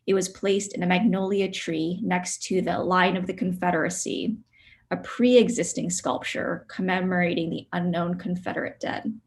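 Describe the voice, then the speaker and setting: A woman artist presenting her work on a video call, soft-spoken and reflective, with frequent ums. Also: on the low side, fairly even intonation, moderate pace, creaky. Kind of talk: virtual studio visit presentation.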